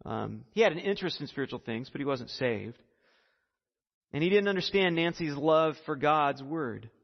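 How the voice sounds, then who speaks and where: A man preaching a sermon as a pastor, earnest and emphatic, who speaks to his congregation and leads them in prayer. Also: a little high. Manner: earnest, building to emphasis, then hushed prayer. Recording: dull recording with long hall reverb.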